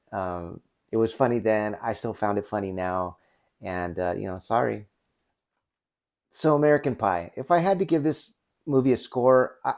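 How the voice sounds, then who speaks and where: A man's voice: lowish voice, darkish tone. A man in his forties hosting a casual, unscripted movie review, rambling with frequent restarts. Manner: rambling, with many restarts and fillers.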